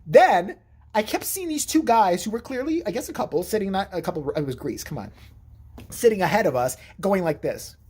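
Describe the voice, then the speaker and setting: A man's voice: high-pitched, lively intonation, brisk, a little mellow, slightly rough. A man telling a long personal story in a casual vlog monologue, profane and rambling, correcting himself as he goes. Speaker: vlogger telling a family story.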